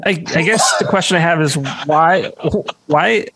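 A man's voice: a little high, bright, forceful tone, a little hiss or hum. Amused man hosting a podcast. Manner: amused, laughing, quick interjections. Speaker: podcast host. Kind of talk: casual podcast chat.

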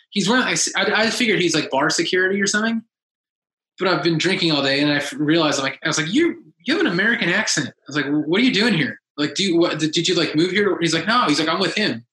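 A man telling a story in casual chat, lively and acting out the quotes of others in a raised voice. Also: a little high. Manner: animated, acts out quotes in a raised voice. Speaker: podcast guest, musician. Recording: echoey room.

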